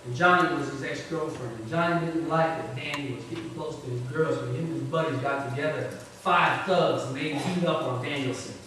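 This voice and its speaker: A man preaching a sermon as pastor, telling a story in an animated way. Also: fairly high pitch, a little fast, hardly any pauses. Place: church. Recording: echoey church from far off.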